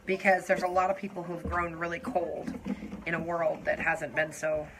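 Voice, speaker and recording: A young adult woman chatting openly to her viewers as she does her makeup on a live stream, confiding and laughing softly. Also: lowish voice, flat delivery, moderate pace, noisy background. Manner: warm, confiding, breaks into soft laughs. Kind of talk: casual heartfelt chat to viewers while doing makeup.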